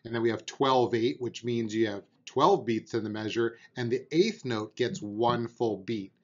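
A man's voice: mid-range voice, unhurried, highs cut off. A man teaching a beginner drum lesson, patiently explaining and counting out beats aloud, with an encouraging manner.

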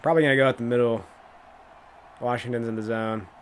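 Excitable man narrating his gameplay. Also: mid-range voice, fast talker. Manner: thinks aloud, excitable, bursts of laughter. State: voice cracking, coughing. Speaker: gaming YouTuber playing a football video game. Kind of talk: casual gameplay commentary.

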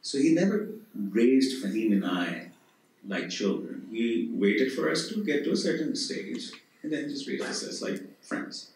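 A middle-aged man from Pakistan with a Pakistani accent, telling lively stories on stage at a conference and often laughing. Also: mid-range voice, a little slow, heavy reverb, recorded from a distance, low-quality recording. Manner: animated, laughing, acts out quoted voices. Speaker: conference speaker. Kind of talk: storytelling talk on stage. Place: conference hall.

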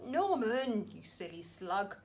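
A woman voicing a bossy, panicky group of snails in a storybook reading, with loud shrill cries. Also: big pitch swings, slow pace, heavy background noise. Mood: scolding.

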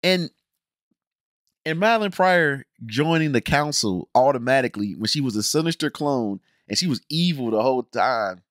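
Animated ranting man, dry close sound. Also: mid-range voice, brisk, few pauses, no echo. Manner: animated, emphatic, slangy, frequent restarts. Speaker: reaction channel host. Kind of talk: casual ranting review.

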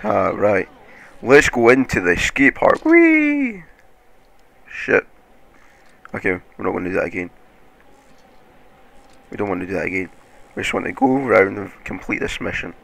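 A man giving casual, excitable game commentary, swearing often and laughing at his own play. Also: low voice, moderate pace, vocal fry, pauses often. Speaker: gaming commentator.

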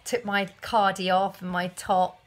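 A woman's voice: mid-range voice, fairly even intonation, a little slow. A woman in her thirties talking candidly to camera in a personal vlog, rambling and retelling conversations. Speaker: vlogger.

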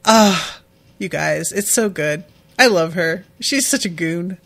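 A woman's voice: lowish voice, expressive, a little slow, vocal fry, a bit bright. A woman hosting a podcast who recaps an episode in a casual, emotional, chatty way, swearing now and then. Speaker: podcast host.

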